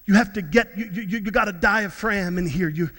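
A man's voice: high-pitched, a little fast, pushed and bright, big-room sound. A middle-aged man preaching a fervent sermon as pastor, repeating words and breaking into bits of song.

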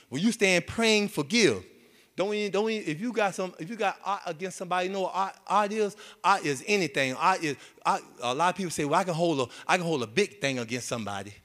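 A man's voice: on the high side, fairly bright tone. A man preaching a sermon in a folksy, repetitive way, with many amens and restarts. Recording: long hall reverb.

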